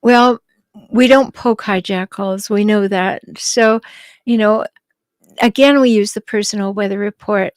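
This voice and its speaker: A middle-aged woman hosting a podcast, calmly answering listener questions with advice and the odd light laugh. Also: mid-range voice, a little slow, no echo. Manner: calm, advising, light laughs, some restarts. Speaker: podcast host and relationship advisor.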